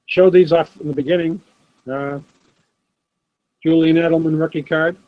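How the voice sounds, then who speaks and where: On his live sports card stream, a middle-aged host chats casually at his home desk and addresses viewers by name. He speaks with a steady tone at a moderate pace, his voice on the high side. The dull, dry audio from the laptop's built-in camera mic has no room sound.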